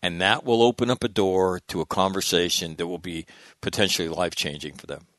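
Blunt, deep-voiced middle-aged man. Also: fairly even intonation, fairly quick, fairly bright tone, no echo, clean studio sound. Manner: emphatic, blunt and profane. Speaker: guest, Marine veteran speaker. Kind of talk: candid storytelling interview.

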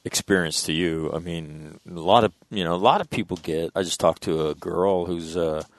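A man hosts a relaxed interview and breaks in to explain terms for his listeners. His voice is very deep. It is recorded dry and close, with no room sound. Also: moderate pace, no echo. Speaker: podcast host. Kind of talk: casual interview.

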